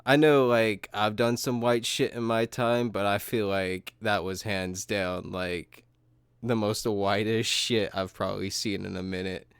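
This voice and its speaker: Lower-pitched, smooth-voiced man hosting a podcast. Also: flat delivery, a little slow, no echo. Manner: laughs a lot, swears freely, says "like" and "dude" often. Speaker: podcast host. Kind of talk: casual chat.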